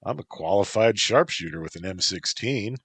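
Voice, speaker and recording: A man's voice: lowish voice, lively intonation, normal speed, a bit bright, breathy edge, no room sound, exaggerated voice. A man voicing a wary young man hired as a driver, speaking plainly and full of questions.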